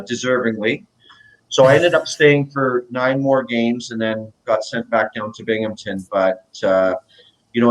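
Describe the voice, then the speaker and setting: Middle-aged former athlete guest, casual storyteller, acts out quotes. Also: male voice, medium pitch, rough recording. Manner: animated anecdotes, acts out quotes. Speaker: guest, former pro hockey player.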